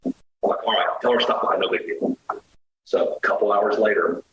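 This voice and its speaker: A middle-aged man telling a dating story as a podcast guest, animated, swearing and acting out the quoted lines. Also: on the low side, a little fast, roomy sound, muffled recording, slight background noise. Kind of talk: casual storytelling.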